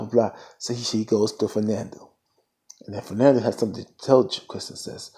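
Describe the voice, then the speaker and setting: A man casually recapping a TV episode in an animated, slangy way, full of playful asides. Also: on the low side, fairly quick. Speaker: TV recap vlogger.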